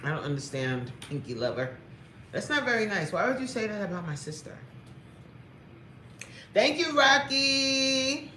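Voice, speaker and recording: A woman's voice: medium pitch, very animated, unhurried, pauses often, sharp tone, roomy sound, a little hiss or hum. A woman fitness coach chatting playfully on a livestream, greeting viewers by name, reading their comments aloud and laughing often.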